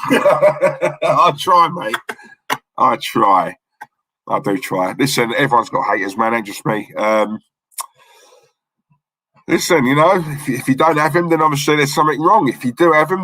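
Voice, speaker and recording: A man's voice: on the high side, measured pace, pauses often, a bit bright, dry recording, rough recording. A young man with a London-Essex accent, chatting casually on a livestream and reading out the chat in a laddish, jokey way. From London area, England. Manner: laddish, jokey, says mate a lot.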